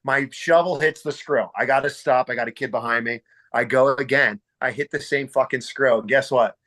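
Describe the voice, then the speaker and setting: A man's voice: medium pitch, normal speed. A young man on a podcast, telling rink stories in a casual, swearing, bantering way. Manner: storytelling, swearing, lively and bantering. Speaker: podcast host. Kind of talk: casual chat.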